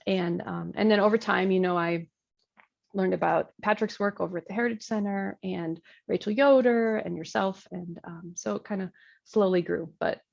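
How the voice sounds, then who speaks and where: A woman's voice: mid-range voice, moderate pace, gravelly, a little mellow, muffled recording. A woman in her thirties from Michigan, a Lutheran pastor, talking casually in an interview, chatty, with frequent laughs and many fillers.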